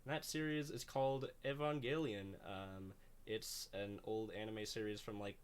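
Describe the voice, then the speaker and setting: A man's voice: lowish voice, steady tone, moderate pace, clear, resonant tone. A young man hosting a casual chat, rambling with lots of fillers and the odd curse. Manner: rambling, full of "like" fillers and swearing. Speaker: host.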